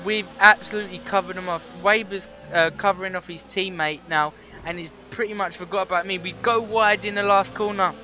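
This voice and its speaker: A man giving excited, chatty commentary over a racing game, his voice hoarse from shouting. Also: sits high, a little fast, soft background music. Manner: energetic, chatty, slangy. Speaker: gaming video creator.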